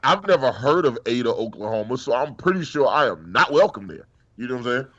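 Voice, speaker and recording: A man's voice: mid-range voice, big pitch swings, quick pace, a bit bright, dull audio. A man co-hosting a podcast in casual chat, telling rambling stories and laughing at his own jokes. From United States. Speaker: podcast co-host.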